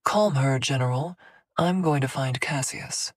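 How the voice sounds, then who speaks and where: A woman voicing a cool, cryptic female seer who talks calmly and knowingly. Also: a bass voice, a little slow, dry recording. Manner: calm and knowing.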